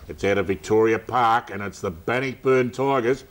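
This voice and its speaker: An Australian man hosting a local football TV panel show, brisk and chatty. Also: lowish voice, very noisy. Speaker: host.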